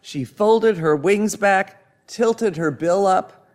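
Slow, gentle male storyteller. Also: high-pitched. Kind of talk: storybook reading aloud.

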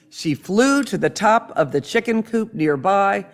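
Gentle storybook narrator, male; unhurried, slightly high. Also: expressive. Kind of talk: storybook reading aloud.

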